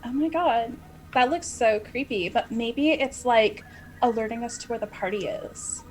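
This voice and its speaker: A woman joins a tabletop roleplaying game as a player, talking in a chatty, excitable way. Her voice sits a little high. Soft music is heard in the background. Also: moderate pace. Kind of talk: playing a character in a tabletop game.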